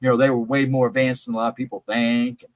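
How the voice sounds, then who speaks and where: A man's voice: medium pitch, flat delivery, fast, dry recording. A man hosting a casual livestream chat, rambling and easygoing, often laughing. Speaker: host.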